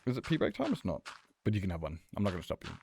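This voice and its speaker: A man's voice: lowish voice, wildly swooping pitch, very fast, gravelly, warm tone, a little hiss or hum. A young man streaming a game, chatting casually and telling stories in a rambling, swearing way. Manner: rambling, profane storytelling. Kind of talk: casual chat while gaming.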